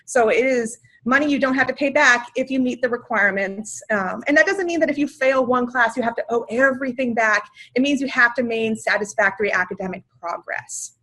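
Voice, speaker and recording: A woman's voice: a little high, brisk, few pauses, fairly bright tone. A woman giving a webinar on financial aid, talking in an upbeat, enthusiastic and chatty way with filler words. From Washington state, USA. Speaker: financial aid outreach presenter. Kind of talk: webinar presentation.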